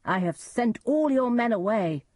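A stern nobleman, voiced by a woman narrator, speaks firmly and slowly in a husky, dry storybook voice. He is righteous and angry. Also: fairly high pitch, lively intonation, darkish tone, no echo, voice pushed up.

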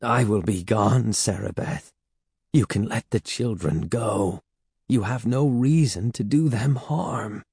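A man's voice: on the low side, takes it slowly, vocal fry, darkish tone, slightly rough, no echo, studio quality, exaggerated voice. A man reading a storybook and voicing a frightened, remorseful middle-aged woman held as a servant, who talks in a sorrowful, pleading way. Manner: pleading, sorrowful, then defiant.

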